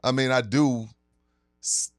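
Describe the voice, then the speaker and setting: A man co-hosting a casual sports podcast, chatting and hyping up sponsor plugs with drawn-out emphasis. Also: medium pitch, steady tone, dry recording, studio quality, faint music behind. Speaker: podcast co-host.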